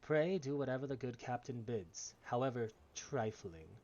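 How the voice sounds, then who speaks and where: A man voicing a skeptical guard captain in a game, speaking in a stern, curt, measured way in a dull lo-fi recording. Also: mid-range voice, expressive, darkish tone, lightly acted. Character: gruff skeptical male guard captain, blunt. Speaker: streamer reading game dialogue.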